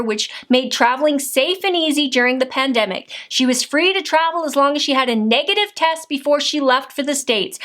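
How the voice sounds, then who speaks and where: Indignant high-voiced woman ranting. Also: fairly bright tone. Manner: indignant, combative, rhetorical questions. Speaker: political vlogger. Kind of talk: angry political rant to camera.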